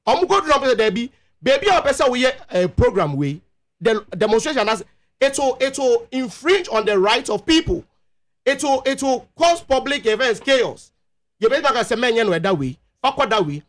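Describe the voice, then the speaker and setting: A Ghanaian man on a radio talk show, reading out legal text haltingly and mixing English with Twi. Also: very high voice, animated. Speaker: radio panel guest. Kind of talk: radio debate, reading out a law. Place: radio studio.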